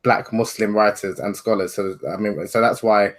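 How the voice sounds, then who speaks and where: A man from Nigeria, an author talking as a guest over a video call, relaxed, conversational and frank. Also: on the low side, normal speed. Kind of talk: casual video interview chat.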